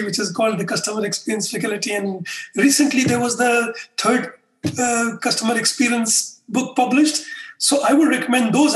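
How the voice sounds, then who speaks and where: A man being interviewed, telling anecdotes in an animated way and acting out the dialogue. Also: very high-pitched. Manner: animated storyteller who acts out dialogue. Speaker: interview guest, customer experience faculty member. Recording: echoey room.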